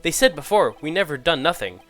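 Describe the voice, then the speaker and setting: A man's voice: fairly high pitch, very animated, a little fast, fairly bright tone, voice pushed up. A man voicing a blunt, suspicious foreign juror who speaks stiff broken English with dropped articles.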